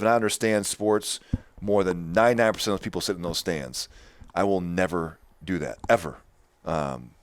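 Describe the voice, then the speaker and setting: Loud, deep-voiced man, animated storyteller. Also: no echo. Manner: animated, emphatic storytelling with many restarts. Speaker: podcast host. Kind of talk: casual podcast chat.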